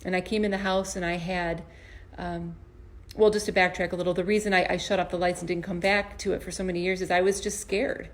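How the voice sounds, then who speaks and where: A woman's voice: lowish voice, little pitch movement, a little fast. Earnest woman giving a motivational talk. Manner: earnest, storytelling, often restarts and repeats words. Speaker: empowerment coach and comedian. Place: home basement performance space. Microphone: camera.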